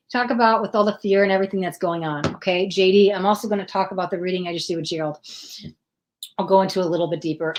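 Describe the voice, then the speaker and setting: A woman hosting a livestream tarot session, giving earnest spiritual advice in a casual chat style and often checking in with "right?". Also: on the low side.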